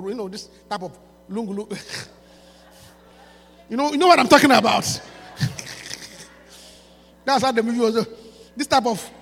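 A man, preaching a sermon by retelling a story, going from quiet asides to shouting. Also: extremely high pitch, husky. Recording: reverberant hall with mains hum.

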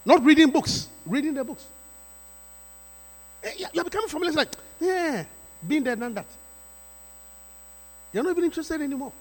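High-voiced emphatic man preaching. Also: expressive, normal speed, pauses often. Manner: emphatic, repetitive preaching with rising shouts. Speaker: pastor. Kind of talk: sermon. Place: church sanctuary. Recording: reverberant church hall.

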